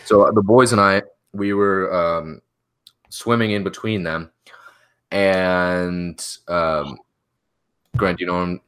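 A man's voice: deep voice, steady tone, slow pace, pauses often, fairly bright tone, smooth. A young man in his late teens on a casual podcast, telling a story with many restarts and fillers. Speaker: podcast co-host. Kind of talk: casual chat.

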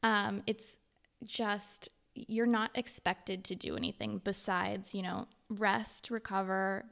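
A woman's voice: mid-range voice, little pitch movement, slow pace, creaky, a bit bright. A young adult woman talking as a guest in a casual interview, a mother and blogger speaking candidly with lots of fillers. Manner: chatty and candid, with frequent fillers.

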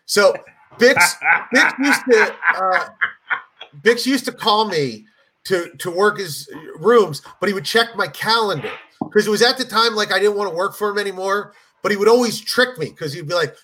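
A man's voice: high voice, normal speed. A middle-aged man, a comedian guest, telling an anecdote in casual chat and acting out voices as he goes. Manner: animated storyteller, acts out voices in anecdotes.

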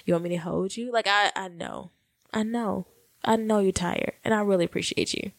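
A woman's voice: medium pitch, fairly even intonation, normal speed, creaky, dry recording. Chatty woman podcast co-host. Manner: earnest, chatty, warmly grateful. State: pregnant, tired. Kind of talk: casual chat.

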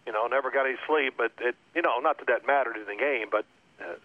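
An older man in his sixties tells stories in an animated, casual way and keeps slipping into other voices for his quotes. The sound is thin and narrow, like it is coming through a phone. His pitch sits in the middle. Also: fast talker. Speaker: guest, former pro quarterback. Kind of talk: casual storytelling. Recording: phone-like line.

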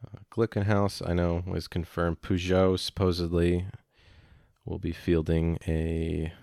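A man chatting casually as a podcast co-host, rambling and halting with many fillers. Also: low voice, little pitch movement, creaky, darkish tone, dry recording, clean studio sound. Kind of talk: casual chat.

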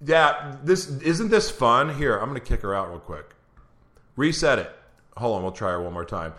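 Male host, bright tense tone, chatty, laughing, voice wearing thin, speaking into a computer mic on a video call. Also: mid-range voice, expressive, normal speed. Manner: chatty, laughs often, reads an intro aloud. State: losing his voice. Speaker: show host. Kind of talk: live-streamed show, casual chat.

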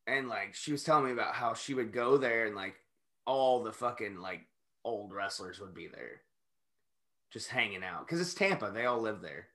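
Lively, bright-voiced man riffing on wrestling. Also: lowish voice, moderate pace. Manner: animated, profane, jokey riffing. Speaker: podcast co-host. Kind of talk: casual wrestling watchalong chat.

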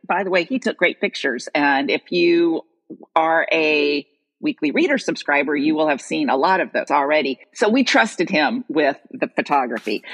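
Husky woman cohost, lowish voice, wry playful storyteller, laptop mic. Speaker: podcast co-host. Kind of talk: casual storytelling chat. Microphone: laptop microphone.

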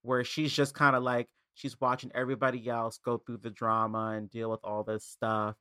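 A woman's voice: extremely low pitch, level tone, normal speed, bright, forceful tone, no echo, studio quality. A woman guest on a podcast, chatting casually with lots of fillers and playful slang. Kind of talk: casual chat.

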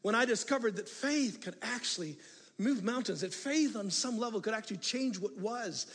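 An older man preaching a sermon as pastor, animated, moving from hushed asides to loud emphatic passages. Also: high voice, moderate pace. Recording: reverberant hall.

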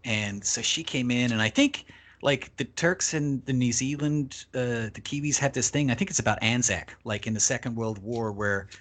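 As a guest on a podcast, a man tells a long travel story in a casual, animated way, cursing freely and acting out the people he quotes. His voice is medium in pitch and his speed is normal.

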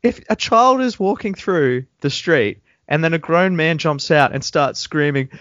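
A man's voice: a little high, expressive, a little slow, fairly bright tone, dry recording. Joking man ranting on a podcast. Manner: sarcastic, joking rants with laughter. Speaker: podcast co-host recapping a show. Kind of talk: casual chat. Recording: dull lo-fi sound.

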